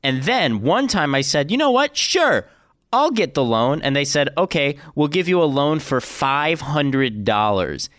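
A man's voice: mid-range voice, unhurried, few pauses, dry recording. Young guy on a podcast, ranty and joking, voice jumps all over, dry sound. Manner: animated, ranting, jokey. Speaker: podcast co-host. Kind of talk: casual chat.

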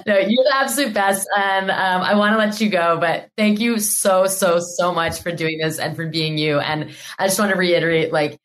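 A lower-pitched woman hosting a podcast interview. she thanks her guest warmly, and her words are grateful and full of emotion. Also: normal speed, hardly any pauses. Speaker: podcast host.

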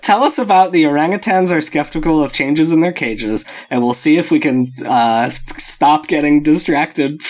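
A man's voice: a little high, normal speed, few pauses. A man hosting a podcast in casual chat, rambling off on tangents with frequent chuckles. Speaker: podcast host.

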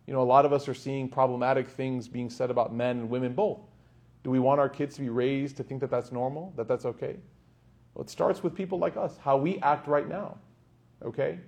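A man giving a sermon to a live audience in a lecture hall, in an animated storytelling manner, acting out the quoted voices. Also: medium pitch. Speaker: Islamic lecturer.

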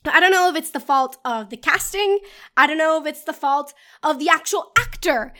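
A woman hosting a casual film discussion podcast, animated and quick to restart her sentences. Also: high voice. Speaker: podcast host.

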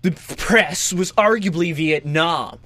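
A man putting on a 1960s countercultural hippie voice, drawing out his words slowly. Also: fairly high pitch, sharp tone, no room sound, full character voice. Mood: mellow. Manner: slow, drawn-out delivery.

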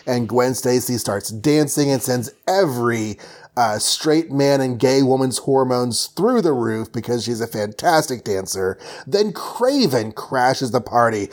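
A man's voice: mid-range voice, expressive, normal speed, darkish tone. Man rambling through a comic recap. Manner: rambling, joking, many fillers. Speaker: podcast host recapping comics.

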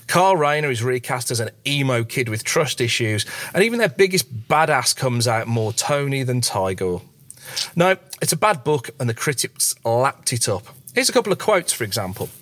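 A British man with a lively, swinging delivery, rolling out a crude, mock-pompous comic rant. His voice sits in a middling register and he sounds sardonic throughout. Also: mid-range voice. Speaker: segment contributor. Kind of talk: scripted comedic rant. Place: separate recording played on the show.

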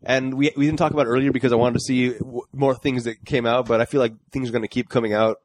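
A man's voice: mid-range voice, fairly even intonation, fast talker, no room sound. A man co-hosting a podcast in casual chat, often stammering and repeating words. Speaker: podcast co-host.

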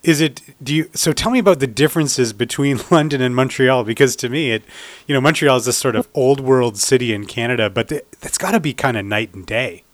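A man's voice: medium pitch, brisk, no echo. A man interviewing a guest, asking curious, rambling follow-up questions. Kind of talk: casual interview.

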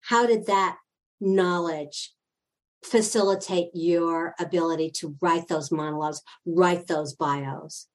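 A woman's voice: lowish voice, steady tone, slow pace. An older woman, herself an actor, interviewing a guest with curious, probing questions. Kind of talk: conversational interview.

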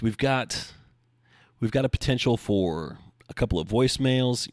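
A man's voice: fairly low pitch, very animated, normal speed, gravelly, dry recording, studio quality. A man hosting his own podcast from home, talking alone in a blunt, profane, ranting way. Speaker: podcast host. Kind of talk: solo podcast monologue.

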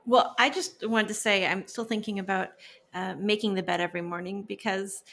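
Gravelly-voiced woman co-host. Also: mid-range voice, fairly even intonation, a little fast, a bit bright. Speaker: podcast co-host. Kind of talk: casual chat.

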